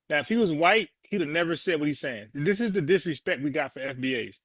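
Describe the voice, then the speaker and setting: A man's voice: fairly high pitch, animated, fast talker, few pauses, no room sound. A man, giving blunt, scornful commentary on a video and laughing often. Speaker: commentator reacting to a protest video. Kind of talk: casual mocking commentary.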